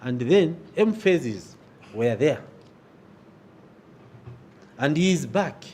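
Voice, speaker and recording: A man with a Zambian English accent, a member of parliament giving a press briefing statement in a deliberate, emphatic, rhetorical way. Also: a little high, expressive, a little mellow, a little hiss or hum.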